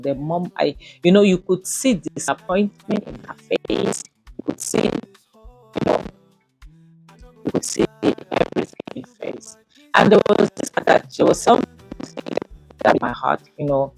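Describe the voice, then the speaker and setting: A woman's voice: lowish voice, unhurried, vocal fry, a little mellow, no echo, soft background music. A Nigerian woman recapping and reviewing a drama episode in a casual, rambling way, with many fillers. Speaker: series reviewer.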